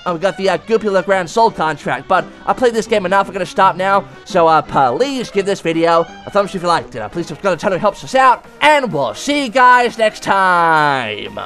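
A man voicing an excitable male cat, commenting on a game, yelping and talking back to the bosses. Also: high-pitched, fairly quick, few pauses, faint music behind, full character voice. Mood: excited. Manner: yelps and screams, talks to the bosses. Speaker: let's play gamer.

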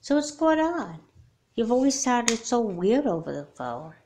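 A woman's voice: fairly high pitch, sing-song, a little slow, a little mellow, a little hiss or hum. A woman voicing a talkative, caring, religious young girl doll in a homemade doll movie, who asks question after question. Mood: curious.

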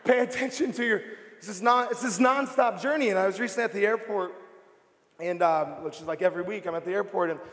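A man, preaching a lively, comic sermon and telling stories in an animated way. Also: high voice, fast talker. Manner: animated storytelling with comic voices. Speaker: pastor, guest preacher. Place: large church auditorium. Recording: reverberant hall.

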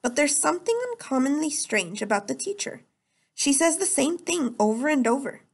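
Lady doing a gruff blunt bodyguard guy, gravelly edge. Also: sits high, sing-song, moderate pace, voice pushed up, exaggerated voice. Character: gruff, protective male bodyguard.

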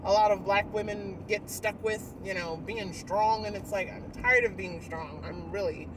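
A woman's voice: medium pitch, steady tone, normal speed, recorded from a distance, noisy background. A woman talking candidly in a personal vlog, rambling and emotional, with frequent sighs and fillers. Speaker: vlogger.

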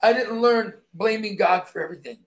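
A man's voice: sits high, fairly quick. A man who is a stuntman, guesting on an interview and telling emphatic stories in which he acts out the dialogue.

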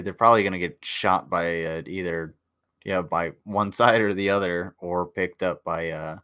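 A man's voice: low voice, fairly bright tone, clear, resonant tone. A tired man casually commenting on a livestream, joking and swearing as he rambles. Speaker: streamer reviewing war footage.

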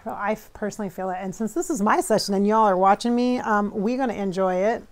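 Woman medium, guided meditation, soft unhurried delivery, mid-pitched voice. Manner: soft, unhurried and dreamy, trailing off. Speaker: spiritual medium.

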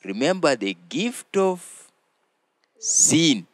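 A man hosting a children's church show, teaching slowly and prompting the children to repeat phrases after him. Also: fairly high pitch, sing-song, no room sound. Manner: slow, deliberate, prompting listeners to repeat phrases. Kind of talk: teaching children with call-and-response.

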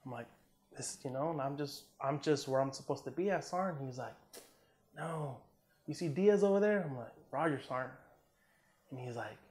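A man, an Army combat veteran from Southern California, telling a war story in a casual interview, relaxed and profane, full of "man" and "you know", acting out the quotes. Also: mid-range voice, moderate pace.

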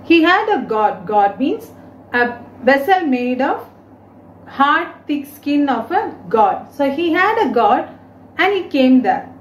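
Woman, teacher, very lively pitch, slight room echo. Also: takes it slowly, a little hiss or hum. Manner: explains words, retells story in simple English. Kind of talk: explaining a reading lesson.

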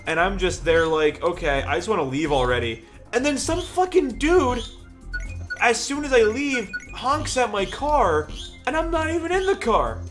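A man's voice: high-pitched, lively intonation, normal speed, fairly bright tone, faint music behind. A young man hosting a let's play, telling a long rambling story in casual gameplay commentary and swearing freely.

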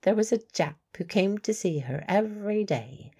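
A woman's voice: medium pitch, lively intonation, normal speed, warm tone, breathy edge. A woman narrator voicing a guarded, blunt working-class woman medium in an audiobook.

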